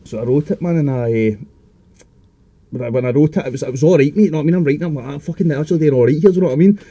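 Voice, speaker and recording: A Scottish man in his twenties, a rapper chatting as a podcast guest, talking quickly and swearing a lot. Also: fairly high pitch, warm tone, dull audio. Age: 20s. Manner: rapid, heavily sweary, frequent "you know what I mean". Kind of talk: casual chat.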